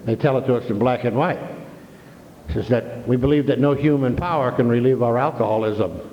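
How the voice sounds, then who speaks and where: A man's voice: medium pitch, brisk, a little hiss or hum. An older man telling a humorous story to a convention audience, folksy and full of "you know", on a dull 1993 hall recording. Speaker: recovery meeting speaker.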